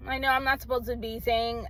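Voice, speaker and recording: A young woman vlogger reacts heatedly to a documentary, cursing frequently and breaking into emphatic outbursts in a casual angry rant. Her voice is fairly high and a bit bright, captured in a low-quality recording.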